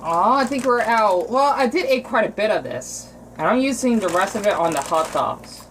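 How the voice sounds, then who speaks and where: A man's voice: high voice, expressive, fairly bright tone, a little hiss or hum, low-quality recording. Rambling man from Arizona, cooking vlog. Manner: rambling, emotional, halting with restarts. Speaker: vlogger.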